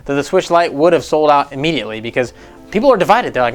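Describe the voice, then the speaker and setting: A man's voice: fairly high pitch, very animated, fast talker, soft background music. A man hosting casual gaming news commentary, rambling and sarcastic, swearing freely as he goes.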